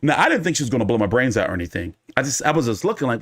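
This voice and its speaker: A man's voice: medium pitch, big pitch swings, racing. A man hosting a boxing commentary show, telling a story in a casual, rambling, profane way.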